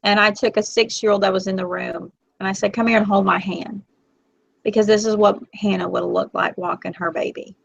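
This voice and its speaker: A woman in her forties hosting a casual live chat, talkative and emotional, quick to tear up. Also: mid-range voice, fairly even intonation, vocal fry, dry recording. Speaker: host. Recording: dull, lo-fi, dry.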